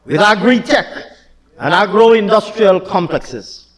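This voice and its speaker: Guyanese male minister, very high voice, emphatic parliamentary speaker who hammers points home, long reverb of a parliament chamber. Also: lively intonation, slow. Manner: emphatic, repeats lines, builds to shouting at the opposition. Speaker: government minister presenting the budget. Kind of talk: parliamentary budget speech.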